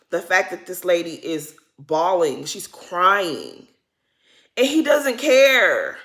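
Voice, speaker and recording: A woman's voice: fairly low pitch, huge pitch swings, slow, pushed and bright. A woman vlogger giving a sassy, blunt, casual recap of a reality show, talking straight at the cast and calling them "girl.". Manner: addresses cast members directly as "girl". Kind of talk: casual reaction commentary.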